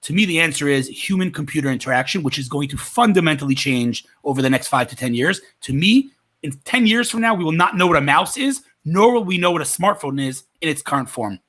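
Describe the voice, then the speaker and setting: A man speaking as a podcast guest, telling a story with animated enthusiasm. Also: a little high, fairly quick. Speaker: podcast guest, tech marketer. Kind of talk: conversational interview.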